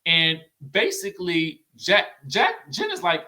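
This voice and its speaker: A man hosting a casual reality-TV recap, chatty and animated, often tagging his sentences with "okay?" and "you know what I'm saying?". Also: on the high side, normal speed. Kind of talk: casual commentary vlog.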